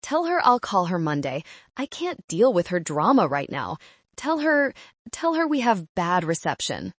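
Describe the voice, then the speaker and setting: A woman's voice: lowish voice, huge pitch swings, unhurried, no echo, full character voice. A woman voicing a dismissive young man who talks in an impatient, whiny way. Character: dismissive young man avoiding his sister.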